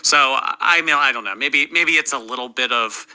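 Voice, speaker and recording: A man's voice: mid-range voice, moderate pace, sharp tone, smooth, rough recording. A man hosting reaction commentary, wryly skeptical as he picks a story apart. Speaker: commentary host.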